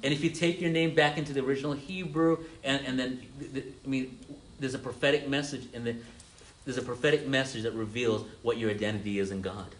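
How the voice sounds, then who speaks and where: A male pastor gives an interactive sermon, asking his congregation questions and echoing their replies back. His voice sits at an ordinary middle pitch, with frequent stammered restarts, and a faint hiss sits under the recording. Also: fairly even intonation, fast talker. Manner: calls on listeners, repeats their answers, frequent stammered restarts.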